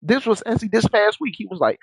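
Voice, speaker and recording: A man's voice: sits high, animated, fast, vocal fry, husky, no echo, low-quality recording. A young man telling a story in casual, rambling talk, full of slang and repeated restarts.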